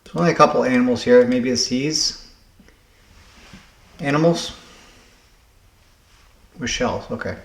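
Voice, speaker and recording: A man thinking aloud as he solves word puzzles, halting and correcting himself as he goes. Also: medium pitch, creaky, echoey room. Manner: muttering, halting, self-correcting. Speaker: puzzle game vlogger.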